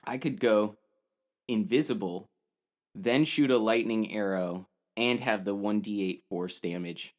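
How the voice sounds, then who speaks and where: A man's voice: fairly low pitch, measured pace. A man in casual chat as a tabletop game player, eagerly rattling off rules.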